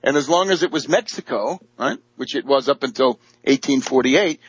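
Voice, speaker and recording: A man's voice: mid-range voice, moderate pace, slightly rough, dry recording. A man giving a rambling political monologue, full of fillers and restarts. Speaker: political commentator. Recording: dull lo-fi dry audio.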